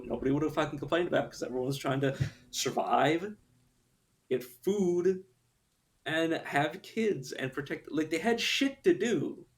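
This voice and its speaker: Rambling young man streaming over faint music. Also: fairly high pitch. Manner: rambling, opinionated, laughs often, swears. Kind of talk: casual stream chat.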